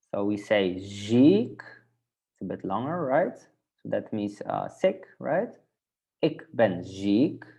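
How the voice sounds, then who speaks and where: A man with a Dutch accent teaching a Dutch class online, patiently repeating words slowly for learners, with a native Dutch speaker's English. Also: mid-range voice, dull audio.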